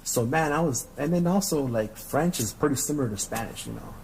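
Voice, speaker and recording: A middle-aged podcast host speaks briskly in a mid-range, darkish voice, launching into a casual, profane storytelling rant full of repeated words. The recording is rough, with a little background noise.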